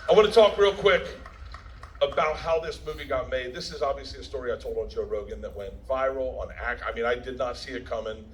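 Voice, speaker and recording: Loud, profane comedian telling stories. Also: male voice, mid-range voice, fairly quick, slight background noise, rough recording. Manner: loud, profane, laughing as he tells it. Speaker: comedian addressing a premiere crowd. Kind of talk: rowdy live stand-up storytelling.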